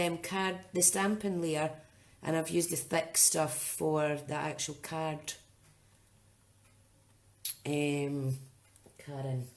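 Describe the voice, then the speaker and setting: Low-voiced chatty woman crafting. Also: fairly even intonation, takes it slowly. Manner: chatty, thinking aloud as she works. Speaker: craft demonstrator. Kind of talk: casual live-streamed craft demo.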